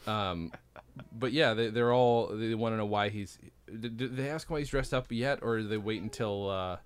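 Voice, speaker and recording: A man's voice: on the low side, moderate pace, clean tone. A man co-hosting a podcast, chatting casually and enthusiastically about a TV show, with lots of affirming murmurs. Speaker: podcast co-host.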